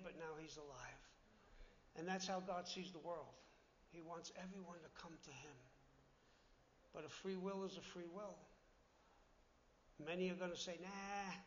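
Bright-voiced, animated male preacher. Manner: animated, plainspoken preaching, dropping low and quiet for solemn points. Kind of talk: sermon. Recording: slightly dull recording with faint noise.

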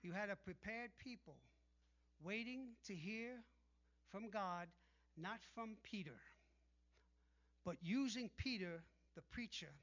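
A man's voice: high voice, takes it slowly, long pauses, fairly bright tone, lo-fi sound. A male pastor preaching a sermon emphatically, calling out for amens from the congregation. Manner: emphatic preaching with call-and-response.

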